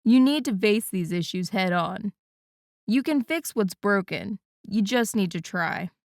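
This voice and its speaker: A woman's voice: mid-range voice, lively intonation, measured pace, dry recording, clean studio sound. Woman voicing a teasing young man. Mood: earnest. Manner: playful, teasing. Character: joking adult man, teasing brother-in-law. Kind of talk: audiobook character voice.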